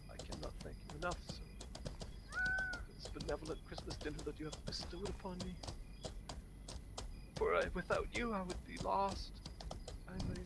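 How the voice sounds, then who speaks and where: A man's voice: sits high, gravelly, noisy background, pitched above the performer's own voice, exaggerated voice. A man voicing a meek dinner guest who grovels and thanks his host over and over in mock-formal speech.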